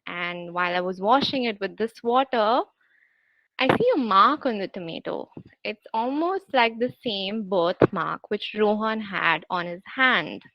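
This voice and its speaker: A woman's voice: mid-range voice, animated, measured pace, no room sound. A woman voicing a breezily casual young killer. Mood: breezy. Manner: breezy, matter-of-fact and chatty. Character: cheerful, casually murderous young woman host. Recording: dull lo-fi recording.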